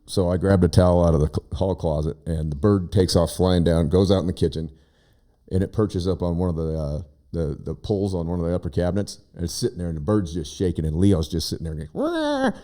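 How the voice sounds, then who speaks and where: A visiting brother from Oregon, appearing as a guest, tells rambling stories in a casual chat, recorded on a studio microphone. His low, mellow voice moves fast, and he animatedly shouts out quoted lines.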